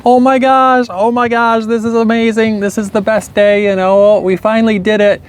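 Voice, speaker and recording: A man voicing a frazzled young mother of twins with a high, breathless, gushing voice. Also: flat delivery, moderate pace, darkish tone, close to an everyday voice. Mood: overjoyed.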